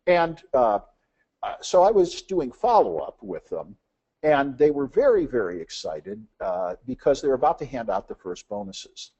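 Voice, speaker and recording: Animated storytelling man, husky and dull-sounding. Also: medium pitch, normal speed. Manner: acts out dialogue in anecdotes, frequent "uh" fillers. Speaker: business presenter. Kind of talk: storytelling business presentation.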